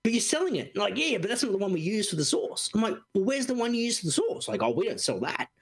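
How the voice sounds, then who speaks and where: A man in his thirties co-hosting a podcast in casual chat. His voice sits high and has a husky edge. His delivery is animated, with wide swings in pitch, and he acts out every quote in the story. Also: fast. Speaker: podcast co-host.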